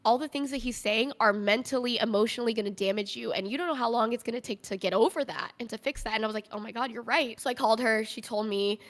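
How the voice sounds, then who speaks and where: A woman's voice: fairly high pitch, fast talker, few pauses. A young woman, a podcast guest, telling a candid personal story in a conversational way, full of "like" fillers.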